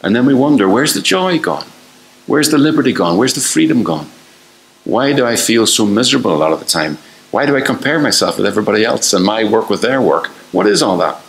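An older man preaches in a low voice, firing off rhetorical questions and slipping into the voices he quotes. The sound rings around an echoey church hall. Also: expressive, fairly quick, creaky. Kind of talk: sermon.

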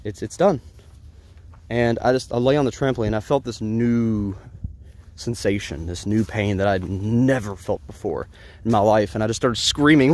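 A man's voice: fairly low pitch, normal speed, a little mellow. A man telling a personal story in an earnest, rambling way, often restarting his sentences. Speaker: vlogger.

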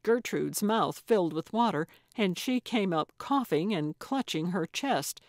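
Unhurried woman audiobook narrator. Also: fairly low pitch, expressive, dry recording, clean studio sound. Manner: measured, unhurried storytelling. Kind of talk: scripted narration.

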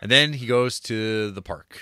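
A man co-hosting a film podcast, retelling the plot casually and acting out lines from the story with quick laughs. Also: on the low side, pushed and bright, clean tone, no echo, studio quality. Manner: laughs while talking, many restarts. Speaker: podcast co-host. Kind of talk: casual film review chat.

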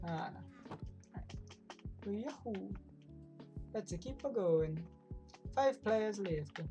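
A woman streaming a video game, reacting out loud, talking to herself and swearing often. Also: lowish voice. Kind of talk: live gameplay commentary. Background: game music.

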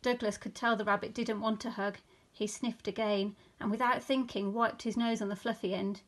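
A woman teacher reading a bedtime picture book aloud in a slow, expressive storytelling manner. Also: medium pitch.

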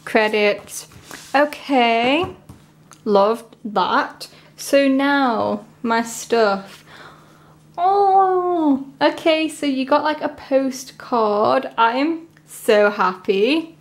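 A woman's voice: fairly high pitch, drawn-out words. A woman chatting her way through an unboxing video, rambling and emotional as she reacts to each item. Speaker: vlogger. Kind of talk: casual unboxing commentary.

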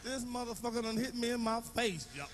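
A man with a high voice tells a profane stand-up story in short, punchy bursts. He shouts the quoted lines, and clear background noise runs under the recording. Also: fairly quick. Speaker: stand-up comedian.

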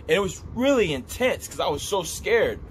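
A man telling a vivid dream story in a casual, animated way, repeating himself as he describes what he saw. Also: high voice, moderate pace, slight background noise. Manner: animated, repetitive, gestures while describing. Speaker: vlogger recounting a dream.

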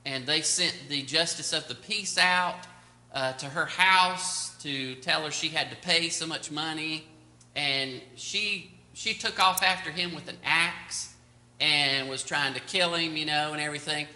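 An older man teaching Sunday school in a church room, his high voice ringing bright and sharp. He tells stories in a meandering way with many ums and uhs, and the room adds a strong echo. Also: unhurried. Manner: rambling storytelling with many fillers. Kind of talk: anecdotal Bible lesson. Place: church classroom. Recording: echoey room.

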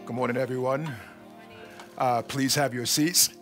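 A man, a pastor, welcoming the congregation and giving announcements, talking with many pauses and fillers. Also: mid-range voice, fairly even intonation, over music. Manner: warm, halting delivery with many fillers. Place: church auditorium.

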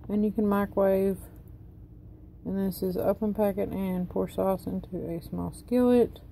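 A woman's voice: mid-range voice, fairly even intonation, unhurried, gravelly, mellow, slight background noise, low-quality recording. A tired woman who is losing her voice, chatting casually in her kitchen and reading cooking instructions aloud. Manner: rambling, chatty, reads package instructions aloud. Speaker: cooking vlogger. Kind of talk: casual cook-along chat. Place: home kitchen.

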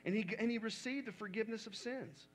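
A man's voice: high voice, fast talker, soft background music. A male pastor preaching a sermon in a conversational way, reading scripture aloud and talking it through.

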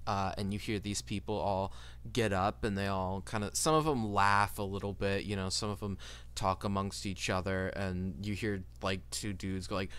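A man narrating a tabletop game as game master, with lively delivery and frequent fillers. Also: sits low, moderate pace, smooth.

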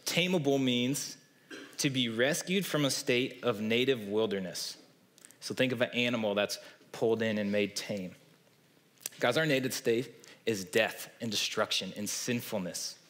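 A man with a Midwestern American accent delivers a sermon from a church pulpit. His voice sits at an ordinary middle pitch, and he talks earnestly and conversationally, tossing in quick "right?" asides to the congregation. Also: a bit bright. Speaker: pastor. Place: church sanctuary.

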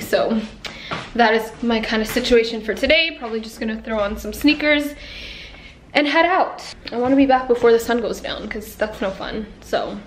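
A woman's voice: a little high, a little hiss or hum. Giggly Canadian woman in her twenties vlogging. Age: 20s. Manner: chatty, giggly, lots of "like" fillers. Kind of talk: casual vlog chat. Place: at home in an apartment.

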